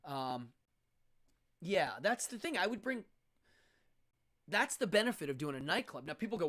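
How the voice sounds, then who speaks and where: A middle-aged male magician hosts a show, telling backstage stories bluntly and frankly. His pitch jumps around a lot as he talks. The delivery is casual and animated. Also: unhurried, long pauses. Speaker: host and stage magician. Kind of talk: casual storytelling on a talk show.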